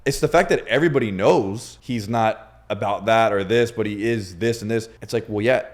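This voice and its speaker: A man's voice: fairly low pitch, normal speed. A man co-hosting a podcast, chatting casually and retelling stories with quoted voices. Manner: animated storytelling, quotes others in put-on voices. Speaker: podcast co-host. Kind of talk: casual chat.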